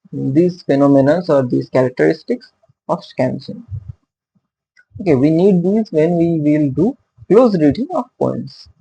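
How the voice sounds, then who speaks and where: A male literature teacher gives an unhurried, slightly high-pitched lecture on poetic meter. His voice is gravelly and a little husky. He talks haltingly, pads his sentences with fillers and "okay", and sounds out stressed and unstressed beats aloud. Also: dark tone, rough recording. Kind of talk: explanatory lecture.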